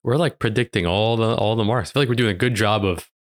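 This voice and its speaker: A man's voice: on the low side, fast talker. A man co-hosting a podcast, chatting casually and chiming in with short reactions. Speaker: podcast co-host. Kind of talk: casual chat.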